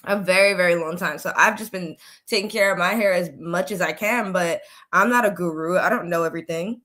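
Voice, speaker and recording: A woman's voice: on the low side, fairly quick, bright, forceful tone. A woman streamer giving casual, candid reaction commentary on a video, reflective and repeating her points.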